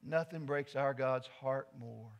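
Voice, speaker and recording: A male pastor preaching a sermon in a church, telling a story earnestly and swinging from soft to loud. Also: mid-range voice, slow pace, muffled recording. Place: church sanctuary.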